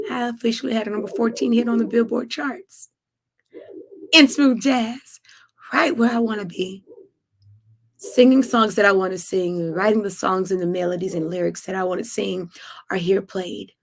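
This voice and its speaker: A woman's voice: mid-range voice, steady tone, normal speed, vocal fry. A middle-aged woman singer chatting effusively to viewers on her weekly livestream. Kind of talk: casual livestream chat.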